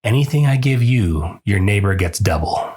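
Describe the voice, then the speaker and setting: A man voicing a grateful magical fish that grants wishes, speaking slowly and deliberately in a folk tale. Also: lowish voice, animated, darkish tone, breathy edge. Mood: solemn.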